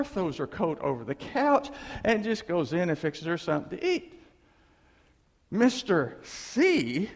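Male seminar speaker, high and very lively voice, acts out his examples. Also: big-room sound. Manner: animated, jokey, acts out characters. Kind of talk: lively lecture with acted examples.

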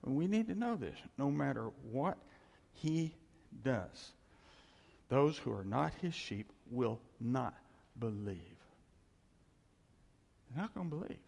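A man's voice: medium pitch, big pitch swings, takes it slowly, gravelly, long pauses, a little mellow, big-room sound. A man preaching a sermon in a conversational way, laughing now and then and hammering points with repetition. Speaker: pastor.

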